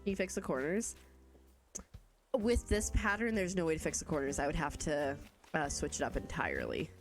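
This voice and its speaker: A woman's voice: low voice, big pitch swings, moderate pace, soft background music. A young woman from Canada, chatting casually and rambling as she streams a game and answers chat. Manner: chatty, rambling, reads chat aloud, laughs often.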